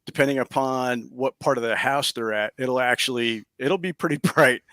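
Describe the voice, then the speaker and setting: A man, a paranormal investigator, telling a story in animated, casual fashion from his home office over a video call, chuckling as he goes. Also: medium pitch, moderate pace, no echo.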